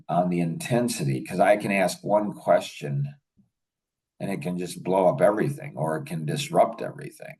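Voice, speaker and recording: A man's voice: low-pitched, vocal fry, a little mellow, slightly rough, far from the mic, rough recording. An older man hosting a podcast, telling rambling anecdotes in casual chat and chuckling often. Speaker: podcast host.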